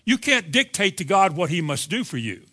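A man's voice: sits high, very animated, normal speed, pushed and bright. A man preaching a sermon at a church service, emphatic and sometimes sarcastic, firing rhetorical questions at his listeners. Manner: sarcastic asides.

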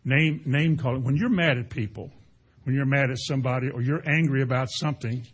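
A man's voice: mid-range voice, brisk, husky, lo-fi sound. A man preaching a conversational sermon, telling homely stories with playful sound effects. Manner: folksy, animated storytelling with sound effects. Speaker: pastor.

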